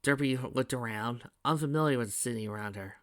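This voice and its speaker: A man reading his fan fiction aloud in the first person, plain and steady. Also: medium pitch, brisk, dry recording, studio quality. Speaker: narrator.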